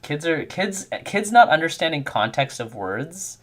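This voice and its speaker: A man's voice: fairly high pitch, a little slow. Chatty man telling stories while coding. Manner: animated storyteller who acts out quotes. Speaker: game developer streaming his work. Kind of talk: casual chat while coding.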